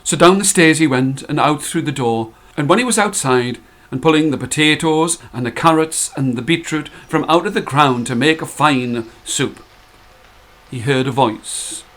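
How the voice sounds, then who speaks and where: A man's voice: a little high, fairly bright tone. Male storyteller, playful and rhythmic. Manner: rhythmic, playful repetition, slows for effect. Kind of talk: told folk tale for children.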